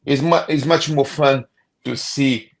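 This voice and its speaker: A man chatting on a livestream, speaking haltingly with frequent restarts and searching for words. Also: mid-range voice, creaky, a loud crowd. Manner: halting, restarts, non-native phrasing. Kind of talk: casual livestream chat.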